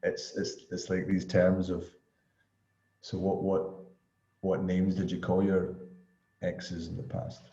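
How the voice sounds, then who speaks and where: A man's voice: low voice, monotone, slow pace, pauses often, warm tone. A Scottish man in casual chat on a video call, reflective and rambling, chuckling often. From Scotland. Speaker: study group participant. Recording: echoey, dull lo-fi room audio.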